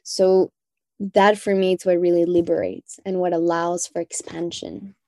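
A woman's voice: fairly low pitch, level tone, normal speed, darkish tone, no room sound. A woman talking as a podcast guest, reflective and heartfelt, often adding "you know". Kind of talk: reflective conversation.

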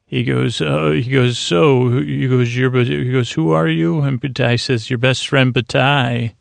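A man's voice: medium pitch, level tone, unhurried, gravelly, no echo. A man casually recapping an episode in a rambling, hesitant way, full of fillers and restarts, reading characters' lines in his own plain voice. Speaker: podcast host recapping an episode.

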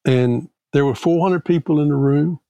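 A middle-aged man with a gravelly edge tells a story in a podcast interview. His voice sits fairly high for a man. He talks in earnest, halting bursts full of restarts, and the sound is dry and close. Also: warm tone, no echo. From Mississippi, US. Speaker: guest theologian.

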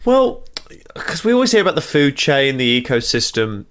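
A man's voice: medium pitch, big pitch swings, moderate pace, a bit bright. A man co-hosting a podcast, chatting casually in a wry, teasing way and prompting his friend with questions. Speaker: podcast co-host. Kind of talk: casual chat.

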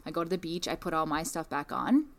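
A woman's voice: low-pitched, lively intonation, fast. A woman retelling a trip in casual chat, emphatic and swearing. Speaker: storyteller.

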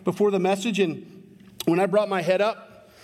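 A man preaches as pastor in an animated, self-interrupting style, leaping into sudden high bursts whenever he acts out quotes. He speaks at a moderate pace in a big-sounding room.

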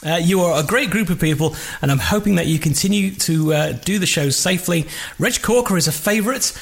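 A man's voice: on the high side, brisk, creaky. Jokey man reading listener emails. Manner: jokey, laughs easily. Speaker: podcast host.

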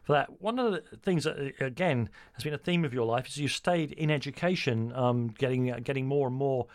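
A man's voice: medium pitch, brisk, no room sound, clean studio sound. A man hosting an interview, asking questions with many hesitations and restarts. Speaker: interviewer, radio host. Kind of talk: conversational interview.

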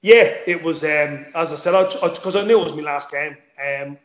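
A man's voice: a little high, normal speed, fairly bright tone, roomy sound. A man casually telling a football story, swearing freely and acting out the dialogue. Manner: swears freely, tells stories with quoted dialogue. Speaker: former footballer guest.

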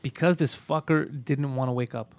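A man hosting a podcast, telling an animated, profane story in casual chat. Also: mid-range voice, moderate pace. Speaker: podcast host.

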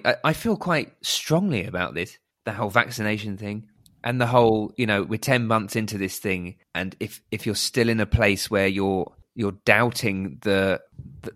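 Low-voiced man telling an anecdote. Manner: animated, acts out quoted dialogue, laughs often. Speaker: podcast co-host, teacher. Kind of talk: casual storytelling chat.

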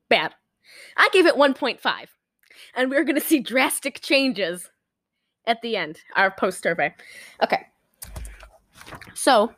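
A woman's voice: on the high side, animated, takes it slowly, long pauses, a bit bright, dry recording, clean studio sound. A woman hosting a podcast in casual chat, giggling often and rambling with lots of fillers. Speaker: podcast host.

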